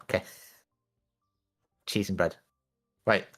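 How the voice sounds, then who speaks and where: A man's voice: slow pace, a bit bright, faint music behind. A man with a British accent rambling through stories in casual chat while gaming, chuckling now and then. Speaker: co-player on a stream.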